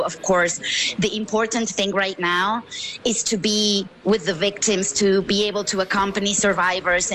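A woman journalist from Venezuela, answering interview questions in a steady, measured, reflective way. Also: mid-range voice, rough recording.

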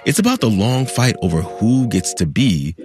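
A man's voice: fairly low pitch, very animated, normal speed, music in the background. A man hosting a conversational news podcast, chatty and explanatory, recorded on a studio mic. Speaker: podcast host.

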